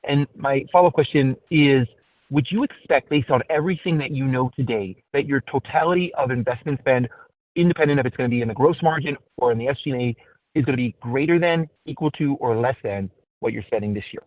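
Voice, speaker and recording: Fast-talking male analyst on the phone. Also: mid-range voice, no room sound. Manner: rapid, precise multi-part questions. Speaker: analyst caller. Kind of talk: earnings call questions. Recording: dry tinny phone line.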